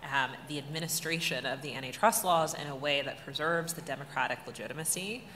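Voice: medium pitch, brisk, pushed and bright. A panelist speaking carefully, with frequent fillers. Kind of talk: panel discussion. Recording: echoey hall with audible noise.

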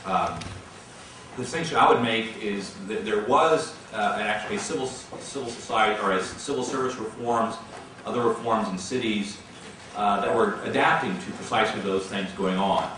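Lecturer with a bright voice in an echoey hall. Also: male voice, on the low side. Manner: measured, repeats words when starting sentences. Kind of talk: lecture answering audience questions. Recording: echoey hall from far off, faint noise.

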